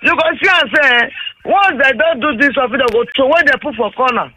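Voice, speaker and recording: A woman's voice: sits high, quick pace, bright, forceful tone. A Nigerian woman calling into a radio show, ranting indignantly about politics. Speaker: caller. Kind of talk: call-in radio chat.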